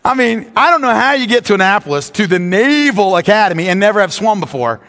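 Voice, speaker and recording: A middle-aged pastor with a notably high, sing-song, slightly bright voice preaches a sermon. He stretches out key words, then rattles off quick asides, all ringing in a long hall reverb.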